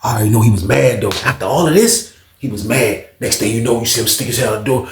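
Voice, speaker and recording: Slangy, animated male storyteller. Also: mid-range voice, fast talker, hardly any pauses. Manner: animated, slangy, acts out the voices of others. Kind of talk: casual storytelling. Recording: roomy echo.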